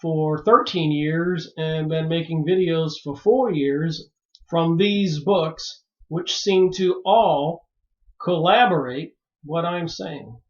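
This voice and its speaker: Brief: man with a high voice, emphatic monologue, dull lo-fi sound. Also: slow pace. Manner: emphatic, rising to pleading exclamations. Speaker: video maker reviewing books. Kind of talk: monologue to camera.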